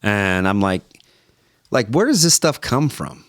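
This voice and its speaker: A man, a former football player appearing as a podcast guest, telling stories in a relaxed conversation. He acts out both sides of his phone calls and keeps saying "like" and starting over. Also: fairly low pitch, unhurried, no echo. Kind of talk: animated storytelling in conversation.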